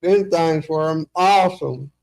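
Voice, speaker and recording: A man's voice: on the high side, takes it slowly, a little mellow. A man, co-hosting a casual live stream as a playful, jokey sidekick. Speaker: co-host of paranormal live stream.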